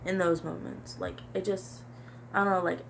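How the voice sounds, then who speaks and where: A young woman vlogger talking to camera in a halting, repetitive, soft-spoken confessional monologue. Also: lowish voice, fairly even intonation, gravelly, slight background noise. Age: young adult.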